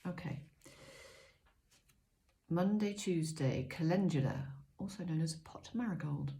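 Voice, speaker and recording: A low-pitched, middle-aged woman talks through an oracle card reading in a relaxed, chatty way. She drifts between gentle guidance and light self-mocking asides, with plenty of ums. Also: measured pace, gravelly, long pauses. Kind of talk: casual spiritual guidance talk.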